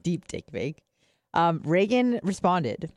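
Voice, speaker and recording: A woman's voice: fairly low pitch, slow, no room sound. A woman co-hosting a radio talk show, laughing easily in casual chat. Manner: giggly, animated. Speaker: radio co-host.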